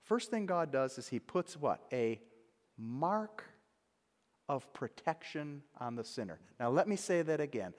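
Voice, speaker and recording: A man preaching a sermon, swinging between loud dramatic bursts and hushed asides. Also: mid-range voice, very animated, normal speed. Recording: long hall reverb.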